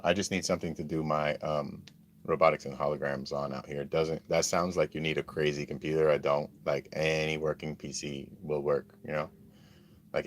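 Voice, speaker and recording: A man with an extremely low voice talks loosely to his viewers, full of "like" and "um." He is outdoors, and steady background noise comes through the recording. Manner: rambling, filler-heavy talk. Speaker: vlogger livestreaming from a desert camp. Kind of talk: casual livestream chat. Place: outdoors at a desert skate park camp.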